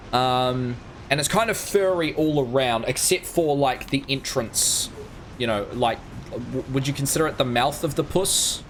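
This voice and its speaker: A man's voice: medium pitch, a bit bright. A man streaming a video game, rambling through crude jokes in casual commentary.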